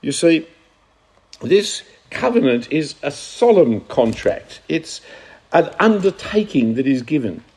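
A man's voice: fairly high pitch, very animated, slow pace, darkish tone, slightly rough. A man preaching a conversational sermon, teaching from scripture and asking his listeners questions.

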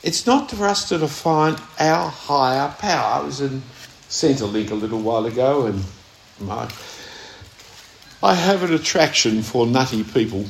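Australian preacher in an echoey room. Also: male voice, mid-range voice, lively intonation, normal speed, gravelly, slight background noise. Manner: conversational, storytelling with emphatic stresses. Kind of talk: sermon with anecdote.

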